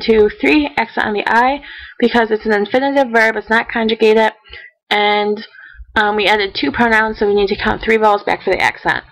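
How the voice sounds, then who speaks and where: Female teacher with a slightly high voice, for a calm step-by-step recorded lesson. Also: poor audio. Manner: methodical, counting out steps; reads example sentences slowly. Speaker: Spanish teacher.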